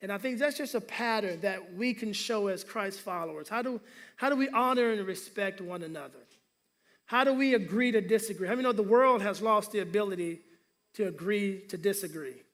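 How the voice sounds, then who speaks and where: A man's voice: high-pitched, brisk, a bit bright. A male pastor preaching a sermon, telling humorous stories and calling for responses from the congregation.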